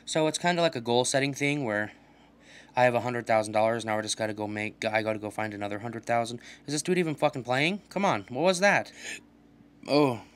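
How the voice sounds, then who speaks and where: A young man talks through a video game as he plays, in a casual commentary style. He swears constantly and trash-talks his opponents with excitable energy, his voice sitting at an ordinary middle pitch. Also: fairly quick. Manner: profane, excitable trash talk. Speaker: gaming channel host.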